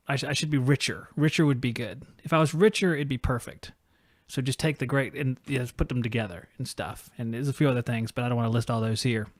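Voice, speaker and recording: Clean studio sound and a dry recording carry a medium-pitched male voice. He's the host of a live podcast, casually chatting in a rambling, jokey, self-deprecating style.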